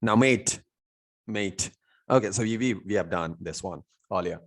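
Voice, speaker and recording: Male tutor, lowish voice, self-answering teaching questions. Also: unhurried. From India. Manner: repeats "means what?" and answers himself, many "you know" fillers. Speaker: English teacher. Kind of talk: recorded lesson explaining vocabulary.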